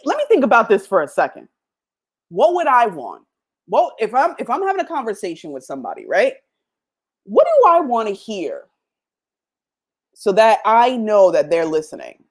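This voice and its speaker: A middle-aged woman gives a motivational podcast talk in a bright, high voice. Her pitch swoops widely as she tells stories and acts out old conversations, often breaking into laughter. The delivery feels animated and personal. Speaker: podcast host.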